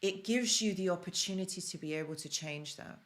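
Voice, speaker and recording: A woman's voice: on the low side, fairly quick. A woman hosting a live-stream self-help talk, speaking earnestly and emotionally and repeating phrases for emphasis.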